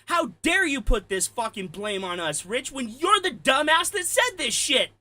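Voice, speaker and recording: A man delivering an angry, profane ranting commentary, heated and shouting at times. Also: very high voice, very animated, moderate pace, few pauses, no room sound. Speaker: commentary streamer.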